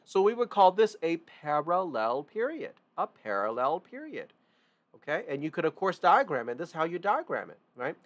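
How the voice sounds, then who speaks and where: His voice runs on the high side with big pitch swings, moving at a moderate pace. He's leading a relaxed online music theory lesson, repeating and stressing the main ideas. Restarted sentences are common.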